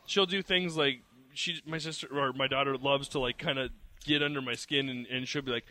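A man's voice: mid-range voice, steady tone, a little fast, pushed and bright. A man co-hosting a podcast, telling a rambling family story in casual chat with many restarts. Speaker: podcast co-host.

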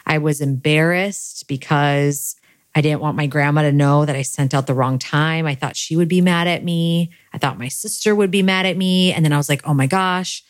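Low-voiced woman telling a personal story. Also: normal speed, no echo. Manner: candid, self-deprecating, laughs at herself. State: grieving. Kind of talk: personal story, casual monologue.

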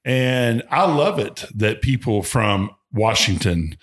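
A man co-hosting a podcast, animated as he tells stories in casual chat, often restarting his sentences. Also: on the low side, slow. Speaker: podcast co-host.

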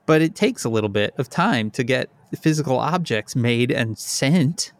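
A man hosting a podcast in casual chat, joking and animated. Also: medium pitch, moderate pace, dry recording. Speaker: podcast host.

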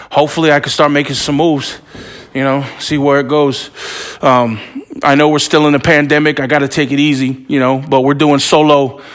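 A man's voice: a little high, fairly bright tone. A man hosting a wrestling podcast with boastful hype-man swagger and street slang, out of breath after a workout in a training gym. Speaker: podcast host.

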